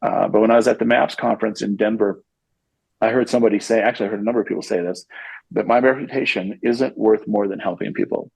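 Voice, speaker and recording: Male podcast guest, low gravelly voice, loose conversational delivery full of restarts, dry close sound. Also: fairly even intonation, fast, a little mellow, no echo, poor audio. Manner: rambling with frequent restarts and fillers. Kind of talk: casual conversational interview.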